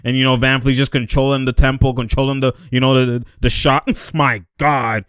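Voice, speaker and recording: A young man giving excited, animated commentary over basketball highlights, laughing often and shouting at the plays. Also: moderate pace, clear, resonant tone, no room sound, studio quality.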